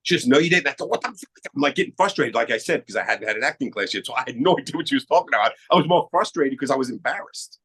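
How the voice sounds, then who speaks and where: A man's voice: medium pitch, very fast, few pauses, breathy edge, low-quality recording. A middle-aged man from Queens, New York, an actor being interviewed on a podcast, talking casually and acting out the dialogue in his stories. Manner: animated storyteller who acts out quoted dialogue. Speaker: actor guest.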